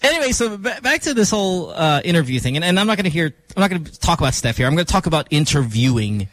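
Lively, joking male radio host. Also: a little high, fast, no echo. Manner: animated and joking, rambling with fillers. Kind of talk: casual morning radio chat. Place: radio studio.

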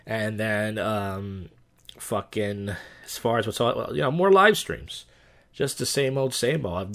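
Rambling man hosting a comedy podcast. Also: fairly low pitch. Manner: rambling, deadpan jokes, frequent fillers and restarts. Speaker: podcast host. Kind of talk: casual comedic news rundown.

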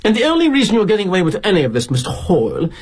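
A man's voice: huge pitch swings, racing, breathy edge, full character voice. A man doing a sputtering, indignant young Brit. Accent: British. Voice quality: sputtering, high and heated. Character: indignant young British man, earnest junior employee.

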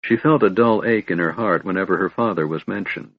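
Steady male fantasy narrator, low and husky, dull dry recording. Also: brisk, dry recording. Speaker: audiobook narrator.

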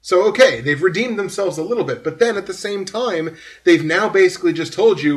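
A man's voice: high voice, animated, a little fast. A man hosting a podcast, giving a rambling, filler-heavy breakdown in casual chat. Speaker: podcast host.

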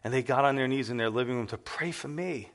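Middle-aged guy preaching, telling his story with lots of life, acts out the voices, mid pitch. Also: fast talker. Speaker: pastor. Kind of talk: sermon testimony.

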